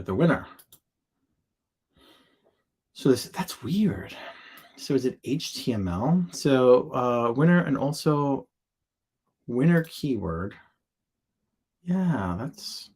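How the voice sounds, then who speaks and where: Man, livestream host, chatty, playful, casual screen-share Q&A, mid-pitched voice. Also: darkish tone, slightly rough. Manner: chatty, playful asides and made-up words. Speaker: livestream host answering seller questions. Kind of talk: casual live Q&A with screen sharing. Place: home or office in Florida.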